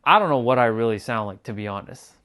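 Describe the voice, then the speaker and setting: A man's voice: mid-range voice, animated, quick pace, bright, forceful tone. A man chatting casually to viewers on his live stream, rambling and repeating himself as he talks. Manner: rambling, repeats phrases and restarts. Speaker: livestreamer.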